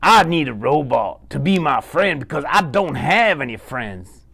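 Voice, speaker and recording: A lonely big bad wolf from a bedtime story, pleading in a plaintive way, as a man puts him on. The voice is gravelly, with plenty of rise and fall. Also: a little high, sing-song, unhurried, a bit bright, heavily acted.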